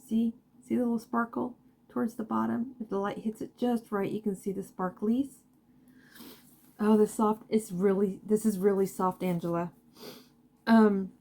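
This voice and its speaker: A woman's voice: mid-range voice, mellow. A woman crochet vlogger chatting casually as she unboxes yarn at home, gushing and talking straight to her viewers. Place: home craft room.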